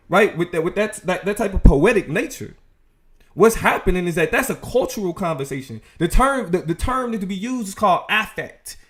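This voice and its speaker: A man hosting a casual commentary show, talking in an animated, emphatic way with frequent restarts. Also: high-pitched. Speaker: show host.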